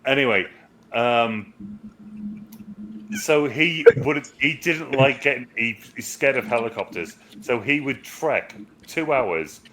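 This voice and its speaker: A man's voice: mid-range voice, expressive, slow pace, sharp tone, a little hiss or hum, poor audio. A man, co-hosting a casual movie review chat, swearing freely and joking around. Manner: sweary, banter-heavy. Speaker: podcast co-host.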